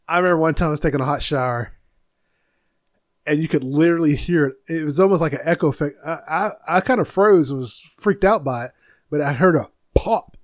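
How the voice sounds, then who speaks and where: Middle-aged male podcast host, chatty and digressive, a bit higher voice, dry home-office sound. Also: no room sound. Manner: rambling, easily sidetracked, laughs at himself. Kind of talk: casual solo podcast chat.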